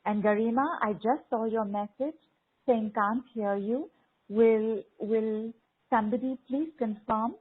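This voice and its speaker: A spiritual teacher leads a group call in a guided affirmation session, speaking slowly and coaxingly, repeating phrases and reading out participants' messages. Her voice is a little high with a breathy edge. The sound comes through an online video call, giving it phone-like audio.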